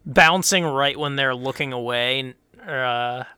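A man's voice: medium pitch, a little slow, pushed and bright, clear, resonant tone, no room sound, clean studio sound. A man in casual comedic chat, rambling through a joke with fillers and laughs.

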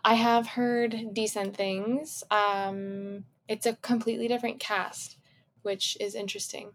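A woman co-hosting a podcast in relaxed, casual chat, agreeable and quick with short affirmations. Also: medium pitch, slight background noise. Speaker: podcast co-host.

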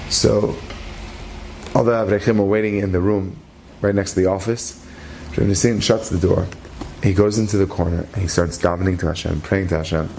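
Man telling a lively spoken story. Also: gravelly, a little hiss or hum. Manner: animated, rises in pitch at dramatic moments; acts out characters' lines in his own voice.

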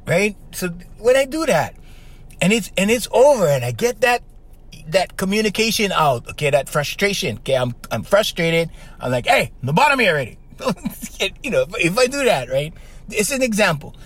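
Speaking in a high voice, a middle-aged man hosts a podcast as a relaxed solo monologue. He has a trained singer's powerful voice, recounts stories with animation, and keeps asking "right?"

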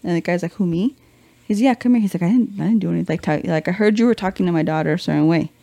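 A woman's voice: fairly low pitch, racing, gravelly, dry recording. A young woman, a podcast guest, telling a story in casual chat, acting out quotes with swearing and slang. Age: young adult. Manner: animated, acts out quotes, swears freely, slangy.

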